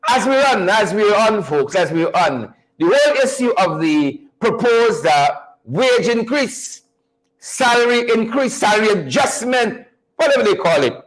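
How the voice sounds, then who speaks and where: A man hosts a live online show, calling out viewers by name and riffing with playful repetition. His voice sits high and swoops widely as he talks. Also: unhurried, poor audio. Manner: animated, repetitive, joking banter. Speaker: livestream show host. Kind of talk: lively live-stream chat greeting viewers.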